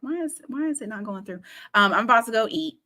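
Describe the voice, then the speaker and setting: A woman's voice: on the high side, expressive, sharp tone. Blunt, laughing tarot reader woman. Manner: blunt, swears freely, laughs often, slows to stress advice. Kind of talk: casual tarot reading to camera.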